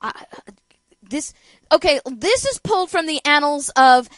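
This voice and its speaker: A woman's voice: high voice, lively intonation, a little slow, fairly bright tone, no echo. A woman hosting a political talk show, giving opinionated commentary with sarcasm, rhetorical questions and emphatic outbursts. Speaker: radio talk show host.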